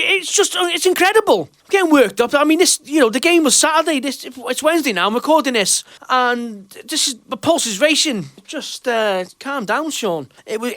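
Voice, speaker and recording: A man hosting a football fan show, recapping a match in an excitable, emotional way that swings between fuming and jubilant. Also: extremely high pitch, no room sound, studio quality. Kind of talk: animated solo football recap. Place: home room.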